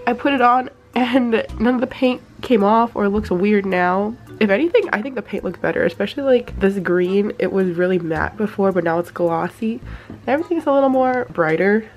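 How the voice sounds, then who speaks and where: A young woman chats casually to her camera, excitable and quick to gush. Her voice sits at a middle pitch and sounds a bit under the weather. Faint music plays behind her. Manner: excitable, gushing, exclaims often. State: slightly sick. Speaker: vlogger. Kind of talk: casual vlog chat.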